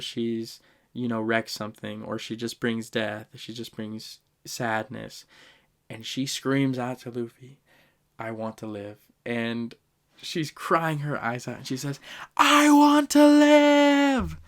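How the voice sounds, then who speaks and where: Animated man hosting a podcast. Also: mid-range voice. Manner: animated storytelling, swings loud and soft; slangy, addresses listeners directly. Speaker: podcast host. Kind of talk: casual fan ranking talk.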